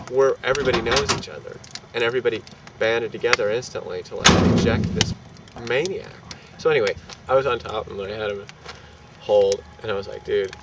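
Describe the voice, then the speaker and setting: A man of middle pitch tells a wild anecdote with swagger and plenty of swearing, jumping into the voices of the people in it. He sits well back from the mic, out on a city street with loud traffic rolling past. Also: recorded from a distance. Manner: animated, profane, acts out quotes. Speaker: storyteller. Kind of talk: casual anecdote.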